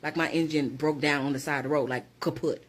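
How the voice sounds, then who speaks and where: A woman's voice: sits low, steady tone, fast talker, a little hiss or hum. A woman who works as a hiring manager, talking straight to her viewers in a direct, emphatic motivational vlog.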